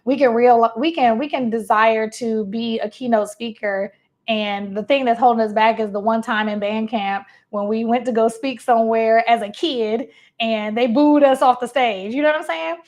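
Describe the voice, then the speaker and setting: A woman's voice: fairly high pitch, steady tone, normal speed, darkish tone. A woman in her thirties, a life coach, speaking casually to her viewers. She acts out what her clients say and laughs often. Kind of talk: casual motivational talk to camera.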